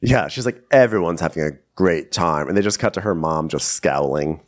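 A man's voice: deep voice, normal speed. A man co-hosting a casual reality TV recap podcast, wry and laughing often as he quotes the cast. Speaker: podcast co-host.

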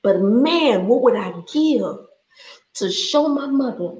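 Her voice is fairly high and a little mellow, with lively intonation and a slow pace, heard with a roomy echo. She's in her thirties, sharing her story through a passionate, preacherly faith talk and laughing frequently.

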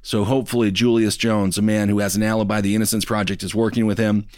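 A man hosting a podcast, talking in a loose, animated, joking way about news. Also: fairly low pitch, quick pace, no room sound, clean studio sound. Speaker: podcast host. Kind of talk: casual political chat.

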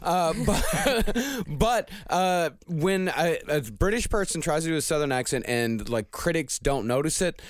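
A man co-hosting a podcast in casual chat, ranting in an animated way and swearing freely. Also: a little high, unhurried, hardly any pauses, no room sound, clean studio sound. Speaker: podcast co-host.

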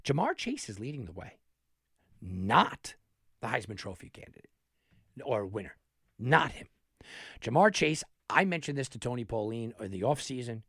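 A man hosting a sports betting talk, animated and thinking aloud, often restarting his sentences. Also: medium pitch, breathy edge, dry recording, studio quality. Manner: animated, talks himself through picks with restarts. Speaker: sports betting show host.

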